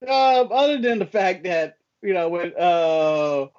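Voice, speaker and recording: A man's voice: sits high, animated, slow, a little mellow, lo-fi sound. A man co-hosting a wrestling podcast, joking and teasing the others. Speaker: podcast co-host. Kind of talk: casual wrestling chat.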